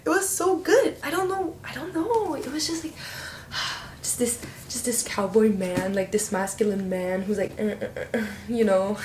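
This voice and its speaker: A young woman chatting casually as a book vlogger, expressive and playful, with slang. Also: medium pitch. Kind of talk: casual book review chat. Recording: roomy echo with faint background hiss.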